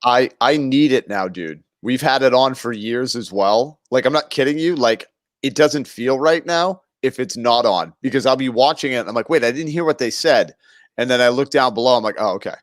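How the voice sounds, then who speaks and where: Easygoing middle-aged podcast cohost, lots of yeah yeah, dry close mic. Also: male voice, mid-range voice, no room sound. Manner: laid-back, quick agreeing interjections. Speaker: podcast co-host. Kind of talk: casual chat.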